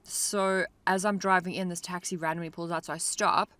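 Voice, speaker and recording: A woman's voice: on the low side, moderate pace. A young woman, telling a story in casual chat while riding in a car, peppering her talk with "like". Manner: animated storyteller, lots of "like". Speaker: podcast co-host.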